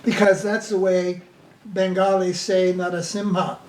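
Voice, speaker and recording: Older guy rambling and joking, kinda high voice, roomy sound from a bit off mic. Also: flat delivery, a little slow, darkish tone. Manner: rambling, joking, many fillers and restarts. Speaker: swami giving an informal talk. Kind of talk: casual discussion. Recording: echoey room, mic a bit far, faint noise.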